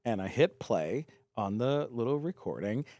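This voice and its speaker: Stammering, animated male guest with a dry sound. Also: medium pitch, moderate pace, no room sound. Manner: stammering restarts, profane punchlines. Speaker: podcast guest. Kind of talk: animated storytelling.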